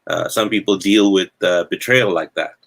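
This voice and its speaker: A man hosting a talk show, speaking in a halting, reflective way with many fillers and restarts. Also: sits low, steady tone, gravelly, fairly bright tone. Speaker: podcast host.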